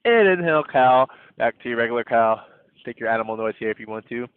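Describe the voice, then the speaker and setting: A man leading an online yoga class, gently cueing breaths and poses in a playful way. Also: medium pitch, expressive, quick pace, smooth, dry recording. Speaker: yoga instructor. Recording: tinny phone-like audio, dry.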